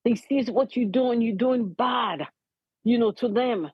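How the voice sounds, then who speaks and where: Brief: middle-aged woman, husky, higher-pitched, impassioned advocate giving testimony on a dull recording. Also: unhurried, no echo. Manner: earnest, emotional, repeats key points. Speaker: community advocate.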